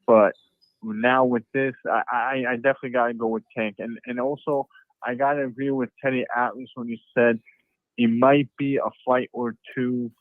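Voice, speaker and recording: A man calling into a show by phone, giving his view in a halting way with many restarts. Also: mid-range voice, no room sound. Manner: halting, repeats words, many fillers. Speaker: caller. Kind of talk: phone call-in opinion. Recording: tinny phone line.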